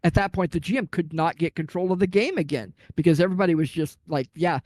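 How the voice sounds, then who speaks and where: Casting: man, rambling and animated, relaxed podcast storyteller, slightly high voice, dry close sound. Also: fast talker, no echo. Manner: rambling, animated anecdote with acted-out quotes. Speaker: podcast guest telling a gaming story. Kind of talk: casual storytelling chat.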